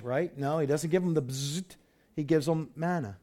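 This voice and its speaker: Higher-voiced man preaching casually. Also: fairly quick, darkish tone. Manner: conversational preaching with rhetorical questions; frequent "you know" and stumbling restarts. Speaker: pastor. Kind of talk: sermon.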